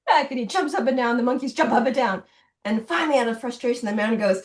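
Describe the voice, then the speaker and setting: A woman's voice: a little high, quick pace. A middle-aged woman, a children's book illustrator, chatting as a guest in an interview and telling stories with lots of laughter. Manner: animated storyteller, laughs often. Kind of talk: casual interview chat.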